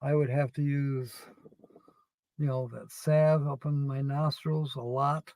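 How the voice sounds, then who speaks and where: A man hosting a livestream, chatting casually with viewers as he scratches tickets and reads out letters at a slow, rambling pace. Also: medium pitch, level tone, darkish tone, low-quality recording. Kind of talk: casual live-stream chat.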